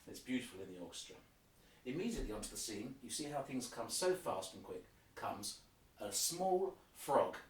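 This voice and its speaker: A man's voice: mid-range voice, sing-song, moderate pace, distant mic. A man explaining an opera scene by scene, now and then singing short motifs to illustrate them. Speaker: opera guide. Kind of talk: guided listening tour with piano examples. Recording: roomy, off-mic, with piano.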